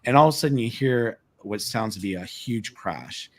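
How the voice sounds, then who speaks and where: A man with a fairly low voice tells a story as a guest on a live stream. He gets excited, stumbles over repeated words and acts out what everyone said. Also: moderate pace. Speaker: guest, former ship tour guide. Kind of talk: animated storytelling. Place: remote live stream call.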